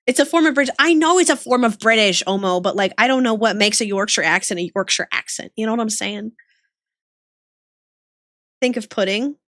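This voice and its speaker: A woman's voice: a little high, a little fast, dry recording, clean studio sound. A woman streamer chatting casually and giggling with her viewers while she draws. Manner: giggly, bubbly, greets chat warmly.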